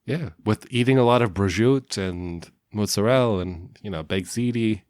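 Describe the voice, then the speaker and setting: A woman's voice: extremely low pitch, moderate pace, darkish tone, no room sound, studio quality. A woman co-hosting a casual film chat, joking and acting out lines in silly voices. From family of Italian and German descent. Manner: jokey, acts out quotes in silly voices. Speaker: podcast co-host.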